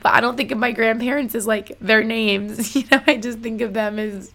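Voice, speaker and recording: A woman's voice: a little high, fairly even intonation, normal speed, creaky, a bit bright. A young woman telling a story to her viewers in a chatty way, full of "like" and acted-out bits of conversation. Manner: chatty, fillers of "like", re-enacts conversations. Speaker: vlogger. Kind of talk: casual storytelling to camera.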